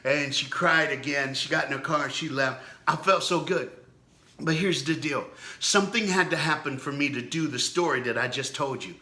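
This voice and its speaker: Bright-voiced preacher telling a story. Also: male voice, a little high, moderate pace, roomy sound. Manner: storytelling, conversational, urging the listeners. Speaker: pastor. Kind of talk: sermon. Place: church.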